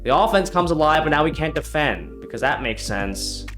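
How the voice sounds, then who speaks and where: A young man commentating his own hockey video game, exasperated and swearing, swinging from loud yelling to low muttering. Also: animated, moderate pace, over music. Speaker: gaming YouTuber.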